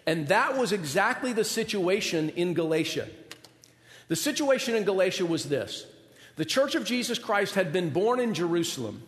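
A man preaching a sermon as pastor, telling a story in an animated way and acting out the people in it. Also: sits high, in a large hall.

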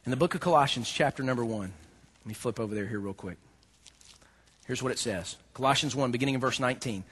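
A man's voice: mid-range voice, fast talker, slightly rough. A man preaching a sermon, telling a funny personal story with lots of laughter and acted-out dialogue before turning to scripture. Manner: animated storyteller, laughing often, acting out dialogue. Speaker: pastor.

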